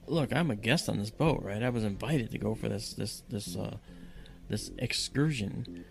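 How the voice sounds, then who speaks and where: A man recounting a dramatic personal experience, telling it in an animated way and acting out the voices of the people in it. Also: mid-range voice, gravelly. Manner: animated storyteller who acts out quoted voices. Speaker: guest recounting a personal story. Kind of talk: storytelling in conversation.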